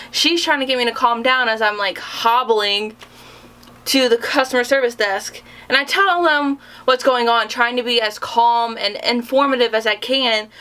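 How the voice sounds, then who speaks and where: A young woman telling a dramatic storytime about a travel ordeal, animated and self-mocking. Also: a little high. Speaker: vlogger. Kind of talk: storytime vlog.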